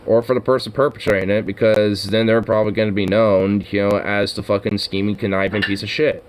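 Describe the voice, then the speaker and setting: A man's voice: on the low side, little pitch movement, brisk. A man hosting a casual chat, rambling with lots of fillers and swearing. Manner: rambling, full of "you know" fillers, swears. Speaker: podcast host.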